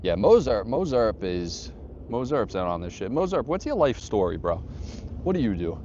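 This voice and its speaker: On a windy, snowy hike, a man streams live and reads his chat out loud, swearing and joking loosely with viewers. He speaks at a normal speed in a low, mellow, sing-song voice, and the sound is lo-fi.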